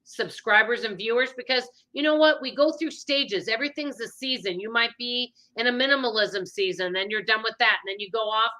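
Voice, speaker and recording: Bright, chatty woman host. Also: on the high side, a little fast, few pauses, low-quality recording. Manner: rambling, chatty, full of "you know" fillers. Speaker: channel host. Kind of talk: casual chat.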